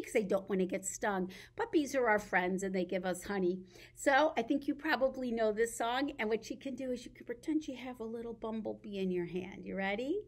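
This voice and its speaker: A woman's voice: fairly high pitch, fairly quick. A woman librarian leading a baby storytime, singing songs and reading a picture book aloud in a playful sing-song. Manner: sing-song, playful, speaks to babies and parents. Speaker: children's librarian.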